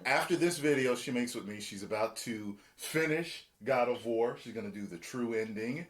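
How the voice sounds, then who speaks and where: A man's voice: mid-range voice, moderate pace. A man hosting a reaction video, chatting casually and animatedly with fillers.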